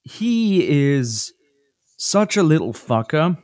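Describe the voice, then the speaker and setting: A British man hosting a podcast, ranting in casual, profane chat and mocking people with quick impressions. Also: on the high side, sing-song, a little mellow, no room sound, clean studio sound. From Britain. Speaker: podcast host.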